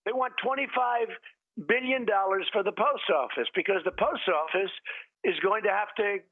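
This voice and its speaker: A man's voice: sits high, moderate pace. A man calling in to a TV interview, talking in a rambling, repetitive, emphatic way. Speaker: phone-in interviewee. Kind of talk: phone interview on TV. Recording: tinny phone line.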